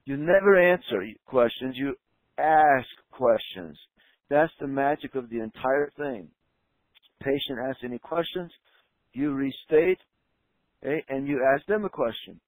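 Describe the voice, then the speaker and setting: A man coaching dental front-desk staff in a training talk, emphatic and slowing down to stress key points. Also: medium pitch, no room sound, rough recording. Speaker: practice coach.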